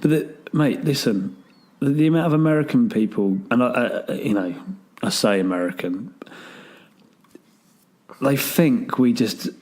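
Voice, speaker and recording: A man's voice: mid-range voice, measured pace, long pauses, darkish tone. A British man co-hosting a podcast, bantering in a blunt, jokey, matey way. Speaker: podcast co-host.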